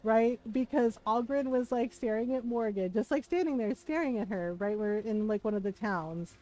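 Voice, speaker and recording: A woman's voice: on the high side, moderate pace, mellow, poor audio. A woman streaming a game, chatting casually, laughing often and acting out lines she remembers. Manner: chatty and giggly, quotes game lines in little voices. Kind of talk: casual chat while gaming.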